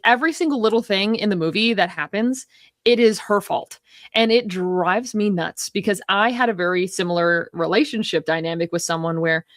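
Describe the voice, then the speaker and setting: A woman's voice: medium pitch, a bit bright, no echo. Female co-host, casual and heated, curses freely, dry recording. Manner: heated, rambling, swears often. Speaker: podcast co-host. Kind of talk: casual film discussion.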